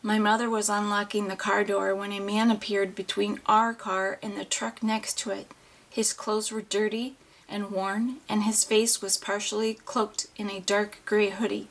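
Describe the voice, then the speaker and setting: A woman reads a first-person novel aloud in an audiobook, at a mid-range pitch for a woman. Her delivery is plain and unpolished, with small restarts. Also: little pitch movement, normal speed. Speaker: audiobook reader.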